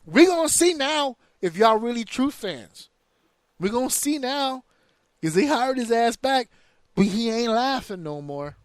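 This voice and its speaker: A man hosting a casual podcast, ranting in an animated, profane way. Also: very high voice, unhurried, no room sound. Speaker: podcast host.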